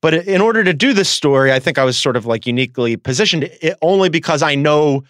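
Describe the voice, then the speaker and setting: Hosting a sports podcast from a studio, this man sounds a little high, animated and a bit bright, with no echo. He chats casually, laughs easily and throws in quick asides.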